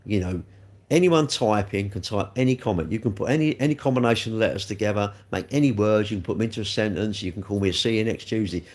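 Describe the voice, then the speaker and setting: A man's voice: on the low side, fast, a little mellow. A man streaming live, rambling and repeating himself as he talks straight to viewers about their comments. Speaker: livestreamer.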